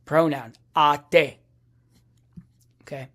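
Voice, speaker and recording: Slow, patient male language teacher. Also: fairly high pitch. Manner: patient, checks in with "okay?" often; halting, restarts mid-phrase. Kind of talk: explaining a lesson.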